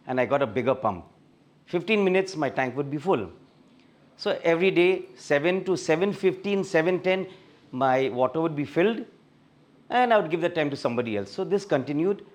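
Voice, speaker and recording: A middle-aged man with an Indian English accent, sharing a personal faith testimony at a fellowship meeting in a storytelling manner. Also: on the high side. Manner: storytelling, animated when reliving scenes. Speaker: guest speaker sharing a testimony.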